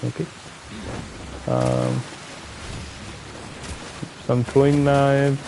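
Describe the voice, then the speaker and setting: Gravelly-voiced Indian man streaming a game. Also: mid-range voice, lively intonation, very slow, mellow, slight background noise, rough recording. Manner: muttering to himself, chatting with viewers. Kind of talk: casual gameplay commentary.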